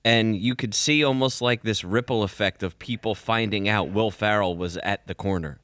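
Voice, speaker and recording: A man co-hosting a radio show in casual chat, mimicking other people in high bursts. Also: normal speed, smooth, no echo. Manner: animated, mimics voices in high falsetto bursts.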